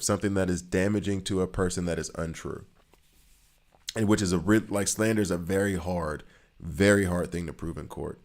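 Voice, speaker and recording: A man's voice: low-pitched, a little mellow. A man giving casual, rambling commentary while playing a video game, joking and repeating himself for emphasis. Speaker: gaming streamer.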